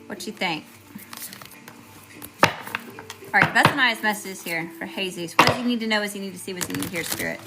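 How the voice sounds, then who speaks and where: A woman's voice: medium pitch, brisk, pauses often, over loud music. A woman giving a live tarot reading, chatty and informal, greeting viewers and often checking in with "okay?". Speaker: tarot reader.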